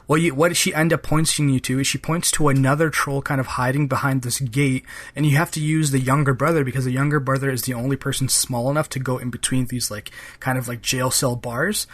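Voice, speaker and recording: Talking about a game on his podcast, this man rambles in a relaxed way, leaning heavily on fillers like "kind of" and "like." His medium-pitched voice is flat and brisk, with few pauses.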